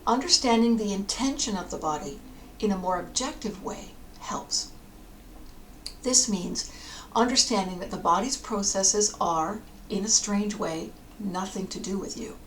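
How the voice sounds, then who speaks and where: A woman counsellor giving a calm, explanatory podcast talk, sometimes dropping to a near whisper. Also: medium pitch, measured pace, slight background noise.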